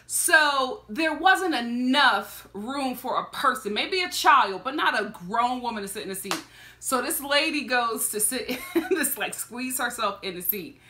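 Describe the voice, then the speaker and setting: A woman from Philadelphia telling a story in a casual reaction vlog, animated and laughing often. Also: fairly high pitch, unhurried. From Philadelphia, USA. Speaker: reality TV reaction vlogger.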